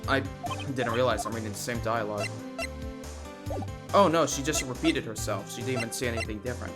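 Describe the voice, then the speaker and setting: A woman's voice: a bass voice, brisk, long pauses. A woman streamer casually commenting and reading game text aloud during a live playthrough. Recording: game music playing underneath.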